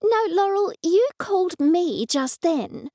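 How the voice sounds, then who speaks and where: A woman voicing a forgetful, cranky older mother who talks in a shrill, exasperated way. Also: huge pitch swings, measured pace, vocal fry, dry recording, studio quality, exaggerated voice.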